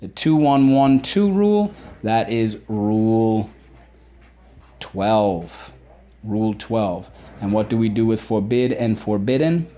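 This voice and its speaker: Male teacher for a kids' spelling class. Warm, mellow tone, encouraging, repeats words slowly. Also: lowish voice, lively intonation, highs cut off. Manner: drills words aloud, repeats them slowly and emphatically; encouraging, asks questions and praises. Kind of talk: spelling lesson for children.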